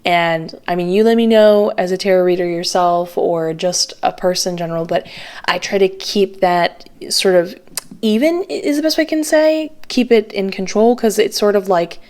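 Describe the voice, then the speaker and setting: A woman's voice: normal speed, darkish tone. Chatty woman tarot reader. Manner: chatty, many fillers, pitch jumps up when stressing words. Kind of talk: casual to-camera card reading.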